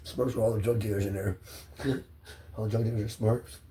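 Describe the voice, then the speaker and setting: A man's voice: fairly low pitch, fairly even intonation, a little fast, warm tone, recorded from a distance, a little hiss or hum. Stressed man rambling into his phone. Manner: rambling, profane, drifting from topic to topic. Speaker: vlogger.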